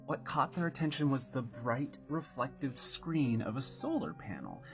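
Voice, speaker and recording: A man's voice: mid-range voice, big pitch swings, normal speed, fairly bright tone, faint music behind. A man casually telling a horror story, chatty with slang asides and dramatic build-up.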